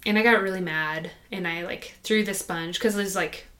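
A woman guest on a podcast, telling a personal faith story in a soft, halting, conversational way. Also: lowish voice. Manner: soft-spoken and halting, with many restarts.

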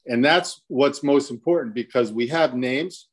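Man moderating a panel, mid-pitched voice, casual and jokey, video call. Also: a little slow. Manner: rambling, jokey, with restarts.

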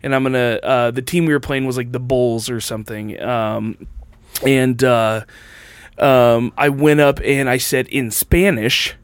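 A man's voice: mid-range voice, fairly even intonation, unhurried, clean tone, dry recording. Young male co-host, loose rambling storyteller, dry mic. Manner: rambling storyteller, many fillers. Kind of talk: casual chat.

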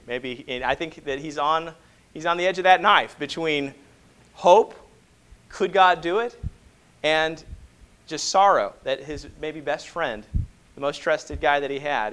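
A man preaching a sermon to a congregation, moving between hushed, slow passages and loud, emphatic ones and often asking rhetorical questions. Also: medium pitch. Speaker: pastor.

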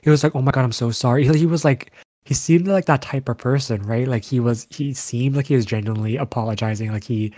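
A young man in casual chat, telling animated stories with lots of fillers. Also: mid-range voice, fairly quick, no echo. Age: young adult. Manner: animated storytelling, frequent fillers.

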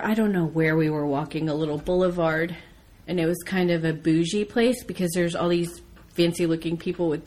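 An American woman chatting casually, telling a lively story and swearing freely. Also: fairly low pitch. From United States. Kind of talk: casual chat.

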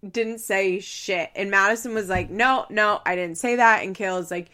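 Recapping a reality show, a podcast host chats casually in a sharp, steady, medium-pitched voice at normal speed with hardly any pauses. She laughs often and acts out the quoted lines.

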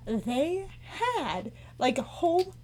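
A woman's voice: sits high, slow pace, breathy edge. A woman co-hosting a casual chat show, telling a story with lots of laughs and acted-out quotes. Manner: animated, laughs often, acts out quotes. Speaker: podcast co-host.

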